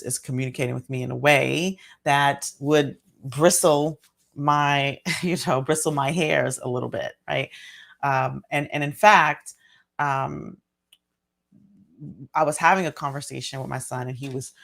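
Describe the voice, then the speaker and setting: Middle-aged woman, physician and parenting speaker, casual teaching talk. Gravelly texture, thoughtful and step by step, lots of fillers. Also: very deep voice.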